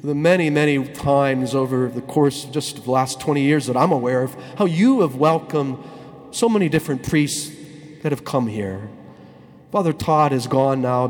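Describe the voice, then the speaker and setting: A man, a priest, telling a story in a sermon, slowing down and stretching words to stress them. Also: medium pitch, a little mellow, in a large hall. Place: church.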